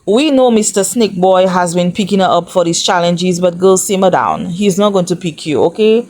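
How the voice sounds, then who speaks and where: A woman's voice: lowish voice, expressive, normal speed, darkish tone. A woman hosting a reality TV recap, talking to viewers in a sassy, chatty way. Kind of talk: casual recap commentary.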